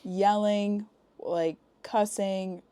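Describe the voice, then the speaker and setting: Mellow-voiced woman telling a story. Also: medium pitch, drawn-out words, smooth, no echo. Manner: animated storytelling with many "like" fillers. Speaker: podcast co-host. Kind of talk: casual chat.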